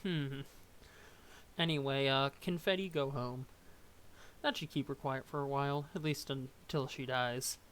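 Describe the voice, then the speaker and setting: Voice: medium pitch, steady tone, a little slow, long pauses, a bit bright, a little hiss or hum. A young adult casually reading a webcomic aloud, tripping over words and adding joking asides. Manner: reads with stumbles, asides and laughs. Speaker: webcomic reader.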